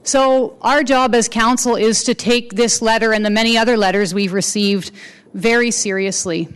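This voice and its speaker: A woman giving a formal public address as a mayor, speaking in an earnest, measured way with pauses between phrases. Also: on the high side, fairly even intonation, smooth.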